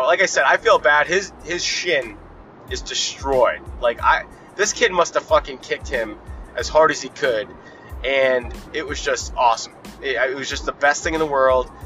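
A man's voice: mid-range voice, sharp tone. A man hosting a podcast, talking casually from his car in a blunt, profane, rambling way. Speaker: podcast host. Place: in a car while driving.

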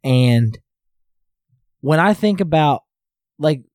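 A speaker with a mellow, mid-pitched voice reflects earnestly in casual talk. They often restart and repeat words as they work through their thoughts. The sound is dry and close to the mic. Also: lively intonation, slow, no echo. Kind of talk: casual conversation.

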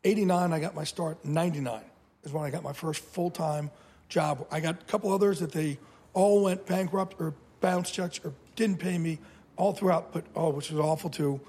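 Man, 50s, slightly high voice, husky, blunt and profane, animated interview storytelling. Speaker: podcast guest.

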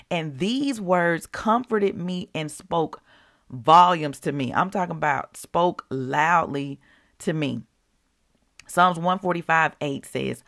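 A woman hosting a devotional podcast, talking conversationally to her listeners and reading scripture slowly and deliberately. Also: sits low, a bit bright.

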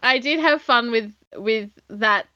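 A woman with a bright, slightly high voice, chatting loosely through a film's plot with plenty of fillers. The recording is dry and a little dull, as if the mic were lo-fi. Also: slow, dry recording. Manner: relaxed, chatty, retells plots with filler words. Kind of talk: casual film review chat.

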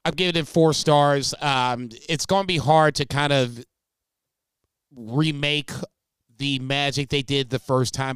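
A man co-hosting a casual podcast, giving relaxed, rambling opinions. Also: mid-range voice, clear, resonant tone, no echo, clean studio sound. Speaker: podcast co-host.

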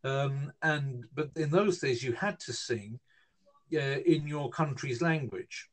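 A man, talking at an even, mid pitch. He wanders through a personal story in a casual interview, pausing on "um" and restarting sentences as he goes. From Newcastle, northern England. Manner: rambling, hesitant, with many fillers and restarts.

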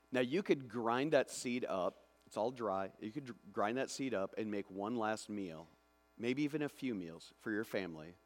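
A male pastor preaching a sermon, swinging from hushed, slow passages to loud, excited ones. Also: on the low side. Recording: long hall reverb.

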